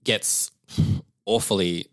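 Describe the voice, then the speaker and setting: A man's voice: fairly low pitch, steady tone, slow pace, fairly bright tone, clear, resonant tone. A man co-hosting a podcast, talking through a horror film in a loose, rambling way with restarts and casual swearing. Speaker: podcast co-host.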